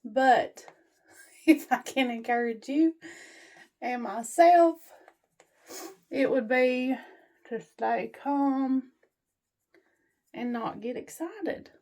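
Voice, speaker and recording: A woman talks to her viewers in a relaxed vlog. Her voice sits high and her pace is slow and unhurried. She gives a homespun, faith-based pep talk. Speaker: vlogger. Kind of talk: casual encouraging vlog talk.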